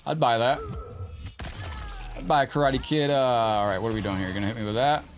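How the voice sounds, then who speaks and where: A man talks through a live fighting-game stream in a loose, chatty way, reacting to the match and greeting viewers by name. His voice sits at an ordinary middle pitch, with faint game music under him. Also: a little fast. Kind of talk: live gameplay commentary and chat.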